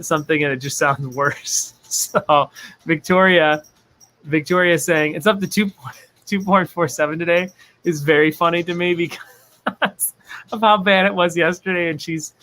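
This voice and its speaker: A man's voice: a little high, sharp tone. A man hosting a casual livestream trivia game, joking, laughing often and reading viewer chat aloud.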